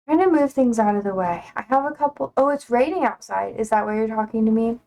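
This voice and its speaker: Her voice is on the high side and warm, with lively intonation, a slightly quick pace, a creaky edge, and few pauses. She's a young woman streaming live from her home, joking around with her audience in a teasing, self-proclaimed sassy manner and laughing frequently.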